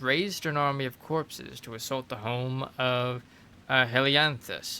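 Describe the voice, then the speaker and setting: Bright-voiced man reading game lore. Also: medium pitch, a little hiss or hum. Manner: reads with emphasis, trips over strange names. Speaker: streamer.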